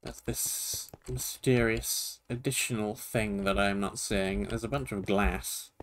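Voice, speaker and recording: A man's voice: on the low side, steady tone, a little hiss or hum. A man streaming a puzzle game, muttering to himself in short fragments as he works things out. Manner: slow, thinking aloud in short fragments. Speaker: streamer playing a puzzle map. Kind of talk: muttering to himself while playing.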